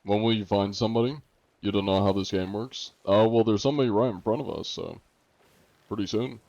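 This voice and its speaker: A man's voice: fairly low pitch, brisk, creaky, a little mellow, highs cut off. A man streaming a game and chatting casually with viewers, laid-back and sarcastic. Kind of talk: casual gameplay chat with viewers.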